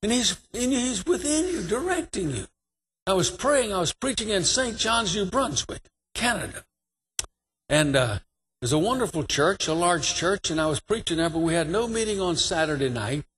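A man preaching a sermon, telling a personal story with animated delivery that rises to fervent emphasis. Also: high voice, moderate pace. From New York.

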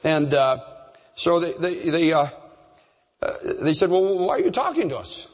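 A man from Canada preaching a storytelling sermon, animated and rising in pitch at the high points. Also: measured pace. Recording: long reverb in a large hall.

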